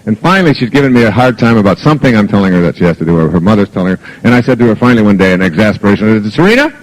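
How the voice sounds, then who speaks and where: A middle-aged man giving a live seminar talk as a motivational speaker, telling humorous stories with chuckles and moving between soft and emphatic delivery. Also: lowish voice, expressive, very fast, low-quality recording. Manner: humorous anecdotal storytelling with chuckles.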